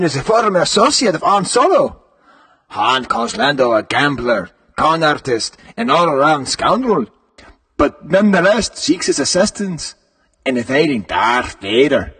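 A man reading a text aloud in shifting British Isles accents, with a husky voice. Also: a little high, big pitch swings, moderate pace, fairly bright tone, exaggerated voice. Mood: mock-grand.

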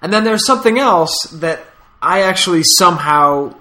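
Sitting high and animated, this man's voice is pushed and bright at a moderate pace. He hosts a laid-back podcast, wandering through anecdotes peppered with laughter and side comments.

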